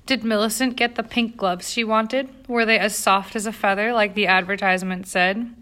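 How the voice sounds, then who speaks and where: A woman's voice: mid-range voice, steady tone, normal speed, pushed and bright, close to an everyday voice. A woman doing a good-humored young immigrant girl. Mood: playful.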